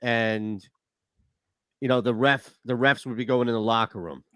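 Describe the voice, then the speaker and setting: A man's voice: medium pitch, fairly even intonation, normal speed, sharp tone, dry recording. A man hosting casual sports talk radio, chatty and rambling.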